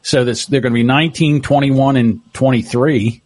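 A man's voice: medium pitch, steady tone, moderate pace, a little mellow. A middle-aged man telling stories in casual chat, laughing often.

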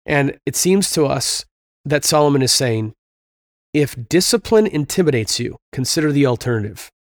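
In a dry recording, a middle-aged man hosts a podcast of conversational Christian parenting talk. His medium-pitched voice is animated at a moderate pace, and he tells stories with fillers, sounding earnest and a touch preachy.

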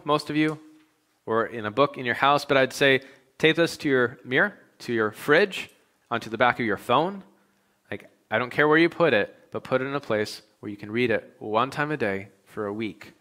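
A male pastor preaching a sermon, stacking repeated phrases with rising emphasis and then dropping into quiet, conversational asides. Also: mid-range voice.

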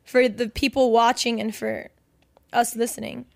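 A woman's voice: fairly high pitch, little pitch movement, normal speed, gravelly. A woman from Miami, a guest on a podcast, talking in an easygoing, agreeable way in casual chat.

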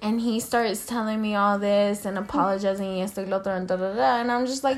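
A young woman co-hosting a podcast, telling a story in casual, profane chat and acting out the quotes loudly. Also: medium pitch, steady tone, quick pace. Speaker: podcast co-host.

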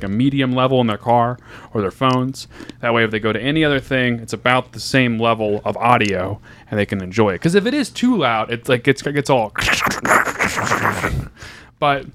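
Rambling deadpan podcast host man. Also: mid-range voice. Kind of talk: casual podcast chat.

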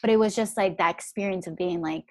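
A woman's voice: mid-range voice, fast, a little mellow, no echo. A young woman telling a personal story in a chatty way, filling her speech with "like". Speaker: guest.

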